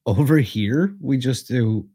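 A man's voice: medium pitch, lively intonation, a little slow, dark tone, husky. A man co-hosting a podcast, laid-back and wry, swearing casually. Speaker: podcast co-host.

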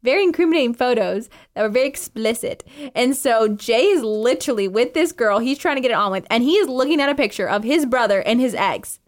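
A woman's voice: fairly high pitch, brisk. A woman co-hosting a podcast, chatting casually about a book and acting out the characters' lines with laughs. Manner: animated, acts out characters' lines, laughs often. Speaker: podcast co-host.

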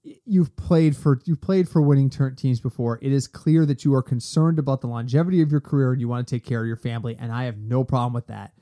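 A man hosting a sports podcast in casual chat, animated and ranting in quick bursts. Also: mid-range voice. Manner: animated, talks fast in bursts and rants.

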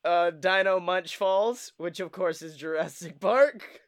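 A man with a higher than usual voice, smooth and resonant, hosting a podcast. He riffs on jokes in a loose, profane, playful way. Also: slow. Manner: joking, profane, playful riffing. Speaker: podcast host. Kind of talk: casual chat.

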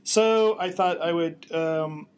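A man co-hosting a podcast, trading bawdy jokes and quick asides in casual banter. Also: on the high side, a little mellow, smooth. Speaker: podcast co-host.

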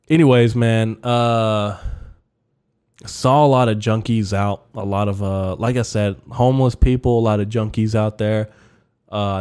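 A man's voice: lowish voice, darkish tone, clear, resonant tone. A man hosting his own comedy podcast in a solo monologue, ranting and rambling, swearing freely with lots of fillers. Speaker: podcast host.

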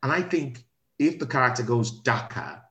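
A man's voice: mid-range voice, sing-song, a bit bright. Comedian guy chatting in an interview, stops and restarts a lot, medium voice. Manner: halting, repeats words, laughs often. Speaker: comedian guest. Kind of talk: conversational interview.

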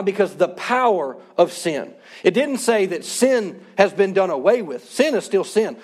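High-voiced male pastor preaching. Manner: earnest, conversational preaching with congregation responses. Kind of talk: sermon.

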